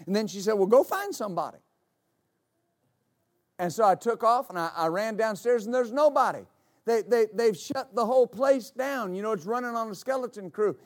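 A middle-aged male pastor telling a story in a sermon, with many halting restarts that build into emphatic declarations. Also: sits high, lively intonation.

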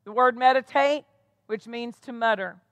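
A woman pastor with an American accent preaching a sermon, repeating phrases for emphasis and slowing down to stress the scripture she reads. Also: on the high side, no echo.

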